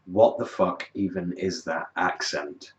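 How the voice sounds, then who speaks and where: A man's voice: deep voice, slow pace, lo-fi sound. A man ranting sarcastically about songs, sweary and exasperated, dropping to mutters and jumping to mocking shrieks. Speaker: music review vlogger. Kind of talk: sarcastic comedic music review.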